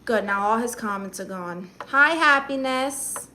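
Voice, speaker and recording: A woman's voice: on the high side, expressive, unhurried, sharp tone, a little hiss or hum. A woman hosting a live stream, reading viewers' comments aloud and answering them in a sassy, blunt, teasing way.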